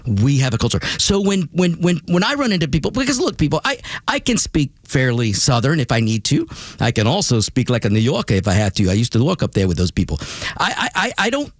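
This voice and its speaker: Male talk radio host, animated and fast-swinging in pitch, stammering restarts, dry studio mic. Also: no echo. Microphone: studio microphone.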